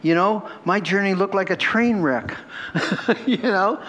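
A man's voice: high-pitched, slow, fairly bright tone, muffled recording. A man preaching a sermon to a congregation in a conversational, emotional way, often laughing and repeating himself. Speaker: pastor. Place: church hall with a congregation.

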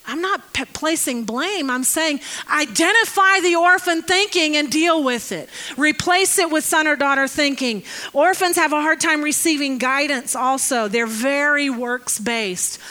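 A woman's voice: sits high, unhurried, pushed and bright, rough recording. A woman in her fifties preaching a conversational sermon as pastor, acting out quotes and stories. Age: 50s. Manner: conversational, acts out quotes, laughs often.

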